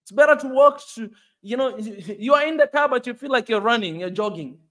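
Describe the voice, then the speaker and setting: A man's voice: extremely high pitch, lively intonation, brisk, pushed and bright. A man with a Tanzanian accent vlogging from a car on a bumpy road, talking emphatically and repeating himself, sweating as he rises to anger. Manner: emphatic, repetitive, rising to anger. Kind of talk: passionate commentary vlog.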